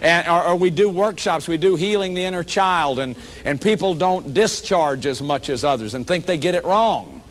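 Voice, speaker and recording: A man's voice: fairly high pitch, animated, normal speed, hardly any pauses. A man giving a public lecture as a workshop leader, earnest and emphatic, often repeating words as he restarts.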